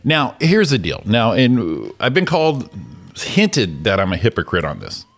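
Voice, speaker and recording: A man's voice: medium pitch, wildly swooping pitch, measured pace. A man co-hosting a morning show, ranting with a grumpy, profane manner and stammered restarts. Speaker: co-host. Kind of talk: casual chat. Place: radio studio.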